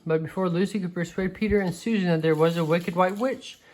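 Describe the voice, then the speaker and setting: A woman reading a picture book aloud to a child, gentle and expressive, with a few slips and restarts. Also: on the low side, a little fast, low-quality recording. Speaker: reader.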